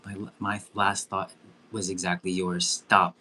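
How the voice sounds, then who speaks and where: A young man with a fairly low voice leads a live-streamed psychic circle. He talks in an effusive, emotional way and breaks into giggles easily. There is a faint hum behind him. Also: level tone, a little slow, bright, forceful tone. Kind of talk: live-stream group session.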